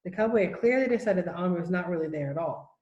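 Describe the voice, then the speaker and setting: Woman reading a storybook, lowish voice. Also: expressive, fast talker, darkish tone, roomy sound, muffled recording. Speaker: audiobook reader. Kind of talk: storybook narration.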